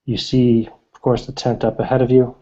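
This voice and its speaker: A man narrating as game master of a tabletop game, describing scenes with halting fillers. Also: mid-range voice, little pitch movement, dark tone. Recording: dull lo-fi recording.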